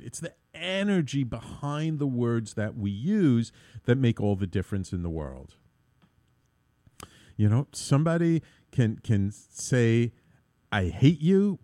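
A man's voice: mid-range voice, mellow, no room sound. A man hosting an internet radio talk show, earnest and upbeat, rambling with many fillers and restarts. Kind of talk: casual radio talk monologue.

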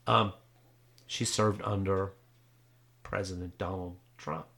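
A man's voice: low-pitched, fairly even intonation, takes it slowly, creaky, fairly bright tone. A man co-hosting a satirical podcast chat, playing it mock-earnest, agreeing emphatically and swearing freely. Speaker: podcast co-host.

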